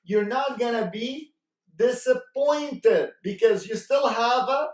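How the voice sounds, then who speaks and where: A man's voice: very high-pitched, slow pace. Guy coaching a sales training, keeps saying "right?", sounds far off in a roomy echoey space. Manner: coaching, repeats key points, keeps checking with "right?". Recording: roomy echo, mic far off.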